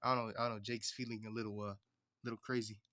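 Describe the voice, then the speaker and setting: A man's voice: fairly low pitch, little pitch movement, fast, bright, forceful tone, no room sound, studio quality. A man streaming while he draws and animates, talking to himself in a rambling, chatty way. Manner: rambling, chatty self-talk. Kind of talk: casual livestream chat.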